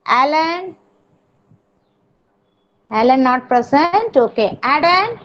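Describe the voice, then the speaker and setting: A young woman with an Indian English accent teaching a nursery class online, coaxing small children in a slow, sing-song way over a video call. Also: high-pitched, big pitch swings, a bit bright, a little hiss or hum. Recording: dull lo-fi video call audio.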